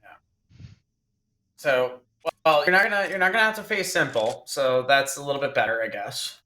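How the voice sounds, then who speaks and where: A man hosting a casual watch-party stream. He talks in an animated, joking way and swears freely. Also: mid-range voice, normal speed. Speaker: stream host.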